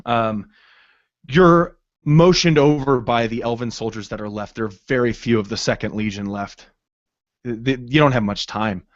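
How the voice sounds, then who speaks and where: A man narrating a tabletop game as game master, in a halting way with many fillers. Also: medium pitch, no echo, dull audio.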